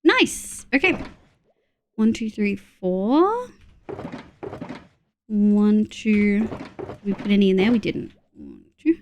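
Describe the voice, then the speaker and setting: A woman's voice: medium pitch, lively intonation, takes it slowly, long pauses, a little mellow, slight background noise. A woman from Australia streaming a game, counting items under her breath between chatty asides to her viewers. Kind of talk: casual gameplay chat with chat readers.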